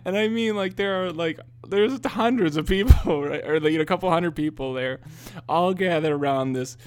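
High-voiced man telling a funny story. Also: moderate pace, smooth, dry recording. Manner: laughing, swearing, animated. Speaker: podcast host. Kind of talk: casual storytelling.

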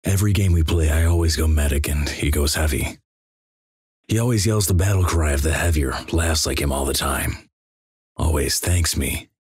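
A man reads an internet story aloud in a flat, deadpan delivery. His voice is extremely low and noticeably husky. The sound is dry and close, with no room echo. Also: normal speed. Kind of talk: reading a greentext story.

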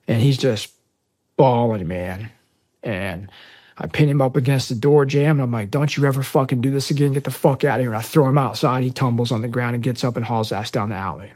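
A man telling a story as a podcast guest, animated and profane, acting out the dialogue. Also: mid-range voice, no room sound, studio quality. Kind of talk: storytelling in a conversation.

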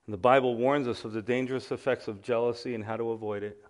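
A male pastor with a New York accent delivers a lively sermon. He reads scripture and then tells it as a story, with jokes and asides to the congregation. His voice sits at an ordinary middle pitch. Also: fast talker. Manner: animated storyteller, acts out quotes with humorous asides.

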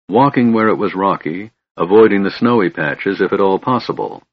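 Low, husky male audiobook narrator. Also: dry recording. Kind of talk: scripted narration. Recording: muffled lo-fi recording.

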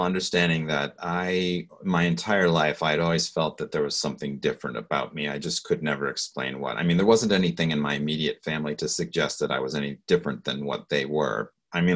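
A middle-aged man recounting a personal story in an interview, earnest and hesitant, over a video call. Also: extremely low pitch. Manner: earnest, hesitant, with restarts and soft laughs. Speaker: guest speaker.

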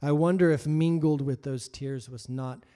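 A man preaching a sermon, acting out biblical figures in his own voice and moving between hushed asides and loud, emphatic lines. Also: fairly high pitch, fairly even intonation, moderate pace. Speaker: pastor.

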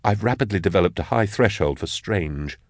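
A man's voice: sits low, no room sound, clean studio sound. A man doing a rattled, awkward scholar. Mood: flustered. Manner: halting, flustered, trying to sound calm. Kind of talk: audiobook character voice.

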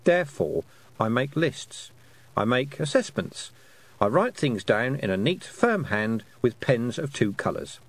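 A man voicing a brisk, sharp-tongued woman who is a witch and a teacher, lecturing precisely in an audiobook. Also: mid-range voice, very animated, pitched above the performer's own voice. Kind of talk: audiobook character voice.

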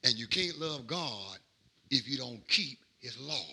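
A middle-aged man, a pastor, preaching a sermon in a rhythmic cadence that swings from quiet asides to shouted peaks. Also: medium pitch, expressive, a little slow, breathy edge.

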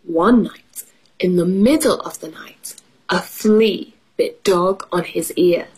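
Female children's English teacher reading a picture book; slightly breathy, unhurried, lively questions. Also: lowish voice. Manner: lively teacherly, asks children questions, puts on animal voices.

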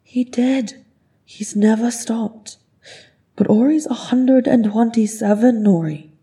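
A woman voicing a young male dwarf prince who speaks softly and consolingly, for an audiobook. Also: fairly high pitch, slow pace, pitched above the performer's own voice. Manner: soft, consoling. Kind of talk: audiobook character voice.

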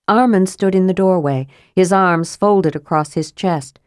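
A woman narrating an audiobook in an even storytelling manner, close to the mic. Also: on the low side, a little slow, hardly any pauses, dry recording. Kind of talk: scripted narration.

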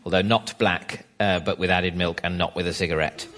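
A man hosting a comedy panel show in a dry, measured way, with occasional stumbling restarts. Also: deep voice, fairly even intonation, a bit bright, a little hiss or hum. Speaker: quiz show host. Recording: studio with live audience.

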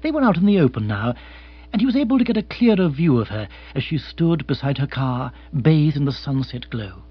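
Husky male audiobook narrator. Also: fairly high pitch, very animated, fairly quick, lo-fi sound. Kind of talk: audiobook reading.

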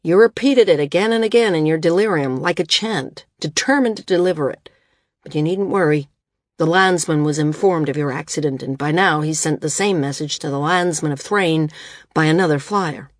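A woman voicing a gentle male island healer who speaks in a calm, measured way, with a husky voice. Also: low voice, no echo, clean studio sound. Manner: calm, measured and bitter at times.

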